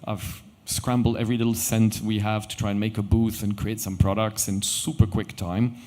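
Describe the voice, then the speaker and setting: Lively middle-aged man telling a story. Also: lowish voice, moderate pace. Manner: animated anecdotal storytelling with quoted dialogue. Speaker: watch company founder telling a story. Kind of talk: conference storytelling talk. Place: event stage.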